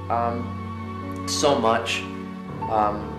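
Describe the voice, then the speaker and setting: A young man playing the grown son of Jesus in a comedic film, soft-spoken and sincere with a sardonic streak. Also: medium pitch, fairly even intonation, drawn-out words, echoey room, over music.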